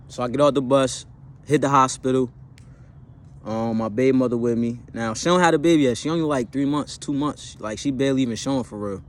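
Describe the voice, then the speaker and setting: A man's voice: mid-range voice, a little hiss or hum. A man in his twenties casually telling a personal story, slangy and profane, rambling with fillers and self-corrections.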